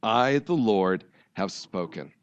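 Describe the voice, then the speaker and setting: A man's voice: fairly low pitch, expressive, takes it slowly. Guy from rural ohio preaching, chatty with the crowd, kinda dull muffled audio. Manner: conversational, jokes with the congregation. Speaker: pastor. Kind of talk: sermon with prayer and scripture reading.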